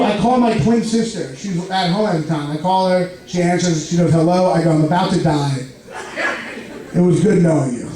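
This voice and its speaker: A young man with a lisp telling an animated stand-up comedy story on a club stage, jumping into loud, high outbursts. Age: young adult. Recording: echoey club, far mic, laughing crowd. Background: audience laughter.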